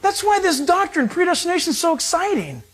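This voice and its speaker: A man's voice: very high-pitched, fairly quick. Emphatic male pastor preaching. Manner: emphatic, animated preaching that acts out quoted voices. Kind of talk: sermon.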